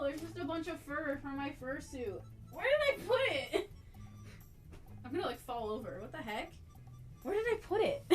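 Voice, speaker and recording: A woman's voice: high voice, fairly bright tone. A young woman streaming from her small bedroom, chatting casually and giggling to herself as she hunts around the room, sometimes drifting away from the mic. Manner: giggly, scattered, talks to herself while searching. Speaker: art streamer. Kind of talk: casual live-stream chat.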